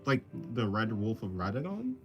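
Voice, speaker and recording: A man's voice: lowish voice, sing-song, moderate pace, highs cut off. A young man streaming his drawing, casually chatting and reading viewer comments, rambling and joking at himself with frequent laughs. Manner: rambling, self-deprecating, laughs often. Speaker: artist streaming while drawing. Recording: faint music in the background.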